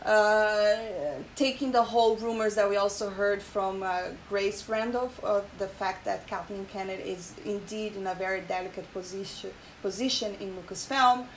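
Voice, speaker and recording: A woman's voice: medium pitch, steady tone, moderate pace, a little hiss or hum, poor audio. Emotional woman vlogger chatting. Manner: emotional, frequent fillers and repeated "okay?". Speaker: channel host. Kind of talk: casual commentary, reading an article aloud.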